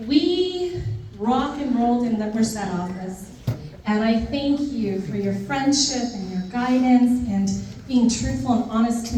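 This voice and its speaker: A woman in her thirties gives a heartfelt speech in a large indoor hall, heard from a distant microphone with heavy, echoing reverb. Her voice sits a little high but sounds mellow, and she moves between thanking people by name and telling light anecdotes. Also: a little hiss or hum. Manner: heartfelt, lists names, tells light funny stories. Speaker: newly sworn judge giving a thank-you speech. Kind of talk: formal ceremony speech with personal anecdotes. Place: large indoor ceremony room.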